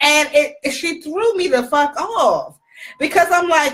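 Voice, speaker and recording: Co-host, woman, high and very lively voice, loose gossip chat, plays out quotes. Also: moderate pace. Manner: animated, laughing, acts out quoted voices.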